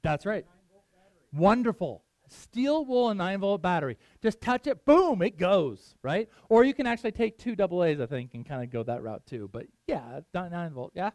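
A man's voice: high voice, animated, moderate pace, a little mellow, no echo. A middle-aged man preaching a casual sermon, chatting with his listeners, asking them questions and laughing often. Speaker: pastor.

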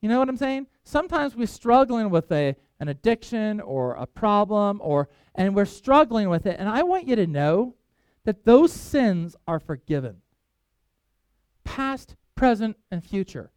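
A man's voice: high voice, sing-song, measured pace, a little mellow, clean tone, no echo. A middle-aged man, a pastor preaching a conversational sermon, acting out quoted voices and restarting sentences as he goes.

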